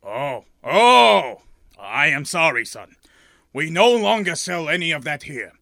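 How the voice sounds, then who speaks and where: A man's voice: fairly high pitch, big pitch swings, normal speed, sharp tone, dry recording, studio quality. Prim, formal comic narrator man. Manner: prim, overly formal, mock-pompous. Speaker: narrator and shopkeeper. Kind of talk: comedic scripted narration.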